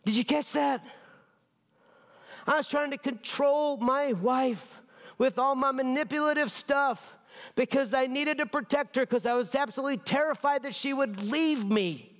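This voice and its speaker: A male pastor preaching a sermon with emphatic delivery that drops to a hushed near-whisper in tender moments. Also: extremely high pitch, measured pace, pauses often, big-room sound. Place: church sanctuary.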